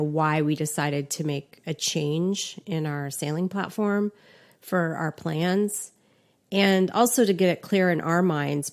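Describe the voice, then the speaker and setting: A woman with a notably low voice co-hosts a podcast. She talks in an easygoing, conversational way, with a few fillers and restarts along the way. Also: a little mellow. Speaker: podcast co-host. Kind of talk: casual podcast chat.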